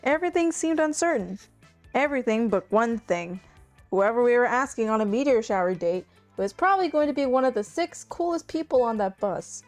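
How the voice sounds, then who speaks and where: A woman's voice: fairly high pitch, lively intonation, brisk, darkish tone, soft background music. A woman streamer reading game narration aloud to friends, playful with giggly asides.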